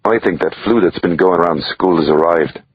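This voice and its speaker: A man's voice: low voice, a little fast, breathy edge, lo-fi sound. A man voicing a stubborn, loyal young Irish nanny with a lilting brogue and an indignant, teasing way of talking. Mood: weary.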